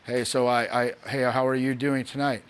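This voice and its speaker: Man doing a shy low-energy guy, deep flat monotone, hesitant mumbling, little life. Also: normal speed, smooth, natural voice.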